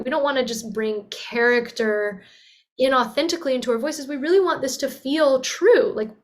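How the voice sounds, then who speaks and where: A young woman teaches voice in an earnest, flowing way, with a fairly high speaking pitch. She breaks off to demonstrate with sighs and sung vowels. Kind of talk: teaching talk with vocal demonstrations.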